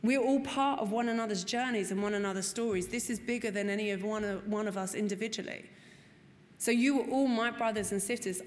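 A woman speaking earnestly and candidly to a recovery group, swearing freely and repeating words for emphasis. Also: mid-range voice. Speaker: speaker sharing at a recovery meeting. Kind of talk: personal testimony to a group. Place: meeting room. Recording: long reverb of a meeting hall, faint room ambience.

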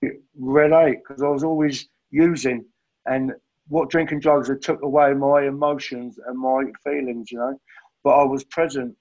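A man's voice: medium pitch, level tone, normal speed, darkish tone, dull audio. A man sharing his recovery story at a meeting, earnest and heartfelt, often calling listeners "mate". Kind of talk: personal testimony at a recovery meeting.

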